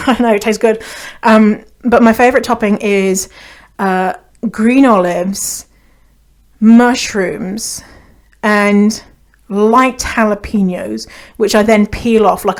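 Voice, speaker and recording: A young adult woman from Canada hosting a solo podcast, chatty and blunt, swearing freely and laughing as she talks. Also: a little high. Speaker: podcast host. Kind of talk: casual solo podcast chat.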